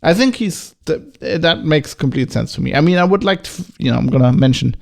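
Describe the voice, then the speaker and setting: A man's voice: a little high, animated, brisk, creaky, a little mellow. Irritated German-accented man podcasting. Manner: agitated, profane, rhetorical questions. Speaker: podcast host. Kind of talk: casual solo commentary.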